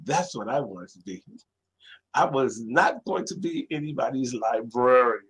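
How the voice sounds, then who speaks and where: A man, a librarian telling stories as a guest in a casual interview, animated and acting out other people's voices. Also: medium pitch, measured pace, low-quality recording. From New York City. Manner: animated storyteller, acts out quoted voices.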